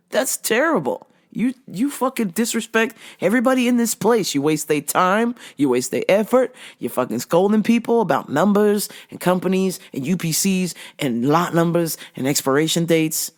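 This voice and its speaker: A woman in her forties telling a story in a casual rant, profane, animated and exasperated. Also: lowish voice, moderate pace, hardly any pauses. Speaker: show host recounting her store job.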